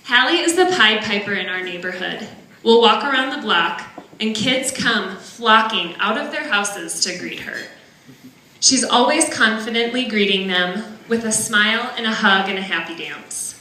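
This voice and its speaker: A young woman from northern Wisconsin, a parent giving an earnest, measured prepared speech at a benefit dinner in a large banquet hall. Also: mid-range voice, animated, bright, forceful tone, slight background noise. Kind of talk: prepared speech read aloud.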